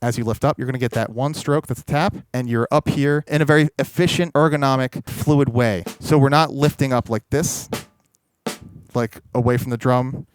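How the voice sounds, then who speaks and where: A man teaching drum technique in a casual, explanatory way, pausing to demonstrate strokes as he talks. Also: mid-range voice, slight background noise. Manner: explanatory, demonstrating while talking. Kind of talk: instructional video. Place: recording studio with drum kit. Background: drum playing.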